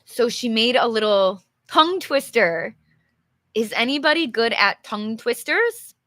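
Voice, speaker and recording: Bright-voiced young woman teaching English. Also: on the high side, lively intonation, dry recording, studio quality. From English-speaking country. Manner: chatty, laughs often, reads aloud slowly. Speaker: English teacher reading a storybook. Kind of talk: live English reading lesson with chat.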